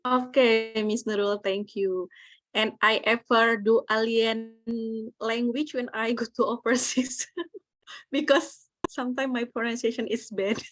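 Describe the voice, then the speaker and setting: A woman's voice: fairly high pitch, measured pace, dry recording. A woman moderating a casual online discussion, laughing often as she passes questions along. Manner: friendly, laughs often, relaxed. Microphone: video call.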